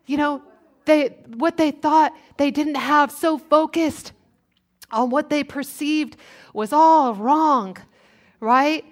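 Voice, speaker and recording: A woman preaching a sermon in church, animated and acting out complaining voices. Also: high voice, slow. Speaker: guest preacher.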